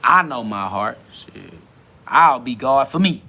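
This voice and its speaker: His mid-range voice is husky, expressive, pushed and bright, and a little slow. A man in his twenties hosts a podcast, reading chat comments aloud through a casual, rambling monologue full of slang, swearing, and frequent "you feel me" fillers.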